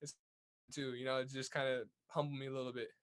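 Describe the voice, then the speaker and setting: A man's voice: mid-range voice, level tone, fast, clear, resonant tone. A young man from California's Central Valley, a guest telling stories in a casual interview, upbeat with many restarts. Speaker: guest, Olympic boxer.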